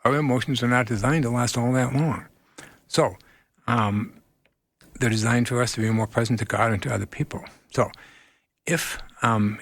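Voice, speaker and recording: A man speaking as a guest therapist in a radio interview, earnest and animated, laughing often as he tells stories. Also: medium pitch, gravelly, breathy edge, no echo.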